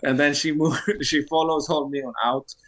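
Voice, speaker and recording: A man narrating his character's actions as a player in a tabletop game, unhurried and relaxed. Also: fairly high pitch, a crowd in the background, low-quality recording.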